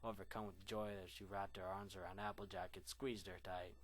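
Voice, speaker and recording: A man's voice: low-pitched, flat delivery, brisk, hardly any pauses. A young man reading a fan story aloud, rambling in asides and stumbling over words. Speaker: fan fiction reader.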